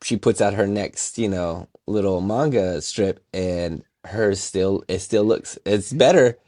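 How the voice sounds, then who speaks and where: A man co-hosting a casual podcast, talking in an animated, rambling way and laughing often. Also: low voice, slow, no echo, studio quality. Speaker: podcast co-host. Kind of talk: casual chat.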